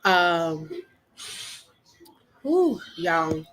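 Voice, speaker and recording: A woman's voice: on the low side, big pitch swings, drawn-out words, fairly bright tone, rough recording. A middle-aged woman hosting a casual livestream, emotional as she talks straight to her viewers and reads their comments aloud. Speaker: livestream host.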